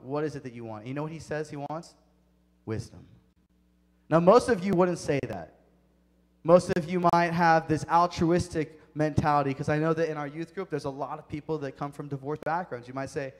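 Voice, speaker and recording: High-voiced youth pastor in an echoing hall. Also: male voice, fairly quick. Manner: energetic, emphatic, talks straight to the kids. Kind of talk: sermon to a youth group. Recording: long hall reverb.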